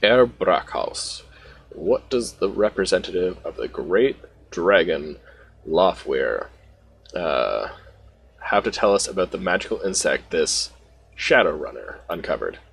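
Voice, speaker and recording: Guy reading an icy rich old dad, deep gravelly voice. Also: lively intonation, a little slow, a bit bright, exaggerated voice. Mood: stern. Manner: reads game dialogue aloud without doing a voice. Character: cold, stern wealthy old father.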